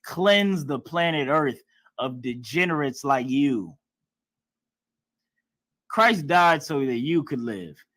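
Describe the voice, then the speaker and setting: A man's voice: a little high, expressive, takes it slowly, pauses often, a bit bright, dry recording. A man teaching a class in a preaching style, emphatic and blunt, with casual everyday speech and some swearing. He acts out other people's lines in mocking tones.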